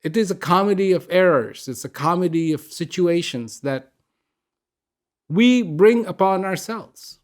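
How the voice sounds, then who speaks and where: An older man giving a reflective broadcast talk, unhurried and conversational, with asides and soft laughs while he tells a joke. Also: sits high, expressive.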